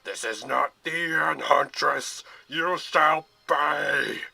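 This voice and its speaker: A man voicing a vengeful male manticore monster in a storybook reading, with slow drawn-out threats and a strained, altered timbre. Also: a little high, vocal fry, pushed and bright, voice pushed up, heavily acted. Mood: menacing. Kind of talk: storybook voice acting.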